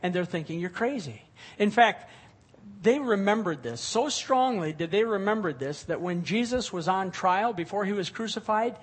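A man's voice: sits high, lively intonation, normal speed, husky. A middle-aged male pastor preaching a sermon, reading scripture and explaining it with rising emphasis.

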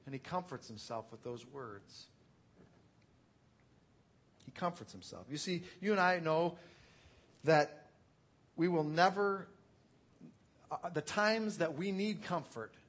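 A pastor preaching an earnest, conversational sermon, swinging from quiet reflection to loud, pleading intensity. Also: male voice, a little high, breathy edge.

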